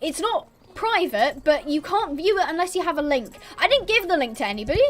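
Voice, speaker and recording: Young woman streamer with a high voice, chatty and rambling, reads chat aloud and laughs often. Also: big pitch swings, fairly quick. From born abroad on a military base, British. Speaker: livestream host. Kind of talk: casual livestream chat.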